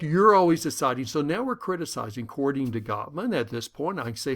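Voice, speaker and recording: A man's voice: a little high, brisk, few pauses. A man lecturing on conflict management, telling personal stories and acting out the dialogue in them. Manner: animated storytelling that acts out dialogue.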